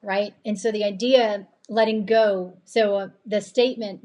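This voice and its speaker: A woman's voice: medium pitch, steady tone, a little slow, hardly any pauses, a little mellow. A woman with a slightly tired voice giving an earnest, chatty faith-based motivational talk on a live stream, rambling and laughing often. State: voice a bit tired late at night. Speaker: live-stream host and coach.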